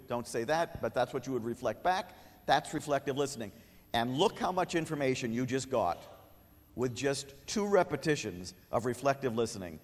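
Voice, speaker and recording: A man's voice: mid-range voice, normal speed. A man giving a conference lecture, joking with the audience and acting out a kid's replies. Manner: humorous, animated, acts out a kid's lines. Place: conference hall. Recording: long hall reverb.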